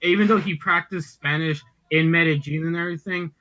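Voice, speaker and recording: A man's voice: on the high side, steady tone, a little fast, bright, forceful tone, poor audio. A young man in casual chat with friends, rambling with many filler words and frequent swearing.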